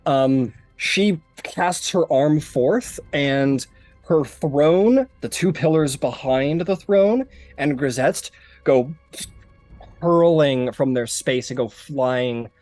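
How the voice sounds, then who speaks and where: A man's voice: fairly high pitch, takes it slowly, darkish tone, no room sound, faint music behind. A man narrating a tabletop game as game master, casual and rambling with many fillers.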